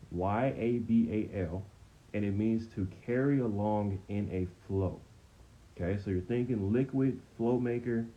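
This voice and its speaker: Deep-voiced man teaching a casual Bible study. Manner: conversational, frequent "okay?" check-ins, repeats himself. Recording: dull, slightly lo-fi sound with faint noise.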